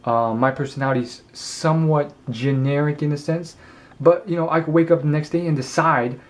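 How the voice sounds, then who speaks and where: A man's voice: on the high side, fairly even intonation, fairly quick. A man vlogging, talking to camera in a casual, rambling way with many hesitations and fillers. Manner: rambling, hesitant, lots of ums.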